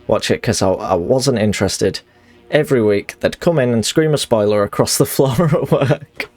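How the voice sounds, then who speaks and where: A man's voice: mid-range voice, moderate pace, a little mellow, soft background music. A man streaming a game, chatting casually in a rambling, sweary way that often corrects itself.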